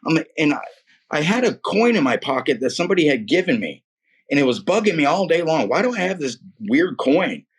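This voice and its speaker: Husky-voiced man telling his testimony. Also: a little high, sing-song, a little fast. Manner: slangy and emphatic, repeats words, calls listener "man" and "dude". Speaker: guest sharing a faith testimony. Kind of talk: casual storytelling testimony.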